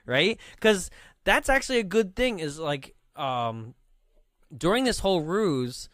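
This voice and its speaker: A man's voice: sits high, very animated, measured pace, a bit bright, dry recording. A man co-hosting a podcast, animatedly recapping a movie in casual chat, often tagging "right?" and laughing. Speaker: podcast co-host.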